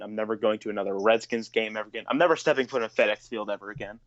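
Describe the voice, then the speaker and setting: A man's voice: fairly low pitch, steady tone, very fast, a bit bright, dull audio. A man co-hosting a podcast, telling stories in a casual, profane, ranting way. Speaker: podcast co-host. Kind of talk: casual chat.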